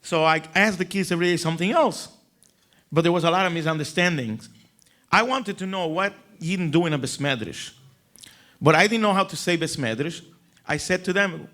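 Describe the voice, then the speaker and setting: A rabbi with a fairly high voice tells a lively personal story to a crowd. He is animated and slips into other people's voices as he goes, chuckling along the way. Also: fairly quick. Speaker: rabbi giving a talk. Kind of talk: humorous storytelling speech.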